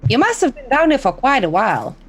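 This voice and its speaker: A woman's voice: sits high, sing-song, fast. A woman playing a tabletop game, speaking in a playful, polite manner. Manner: playful, polite in-character speech. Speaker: player. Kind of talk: tabletop role-play.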